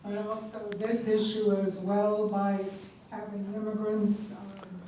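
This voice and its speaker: A woman in the audience asks a halting question, restarting as she goes. Her voice is mellow and sounds distant from the mic. The room is very echoey, with faint background noise. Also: medium pitch, little pitch movement. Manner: hesitant, restarting. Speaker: audience member asking a question. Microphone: far from the mic.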